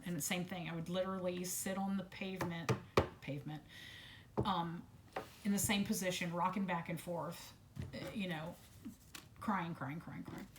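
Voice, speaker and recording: A woman speaking unscripted to camera about a personal ordeal, halting with many restarts and repeated words and blunt swearing, while still detoxing from medication. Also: lowish voice, fairly bright tone, slight background noise. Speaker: vlogger sharing a personal story.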